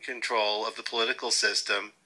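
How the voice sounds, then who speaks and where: An older man being interviewed, telling wry, lively stories and quoting people along the way. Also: on the low side, brisk, poor audio. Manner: wry, animated anecdotes with quoted voices. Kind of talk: storytelling interview.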